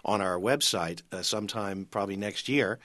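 An older man chatting as a radio guest, easygoing and quick to agree. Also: on the low side, a bit bright, no echo. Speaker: guest comedy writer. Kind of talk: casual radio chat.

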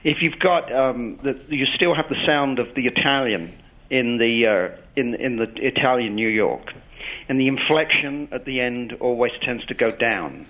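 A man in his fifties with an English accent, talking as an interview guest. His voice is bright and forward, and his pitch sits in an ordinary middle range. He speaks haltingly, restarting his sentences, and is often self-deprecating. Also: muffled recording. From England. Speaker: guest actor. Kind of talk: relaxed interview chat.

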